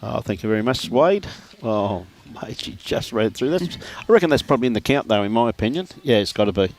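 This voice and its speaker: A man with an Australian accent gives live lawn bowls commentary outdoors, chatting away, laughing often and greeting viewers by name. His medium-pitched voice is animated and a little fast, mixing sports commentary with casual chat.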